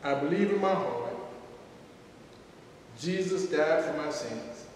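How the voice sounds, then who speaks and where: A man's voice: on the high side, animated, slow pace, a little hiss or hum. A man preaching a sermon and leading a prayer as pastor, with a rising, sung emphasis. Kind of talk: sermon and altar call. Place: large church sanctuary. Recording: echoey hall, distant mic.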